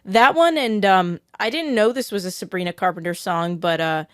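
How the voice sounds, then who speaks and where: A woman's voice: medium pitch, normal speed, no room sound, studio quality. A woman co-hosting a podcast in casual chat, giggly and playful, often quoting song bits. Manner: giggly, playful, quotes and hums bits of songs. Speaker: podcast co-host.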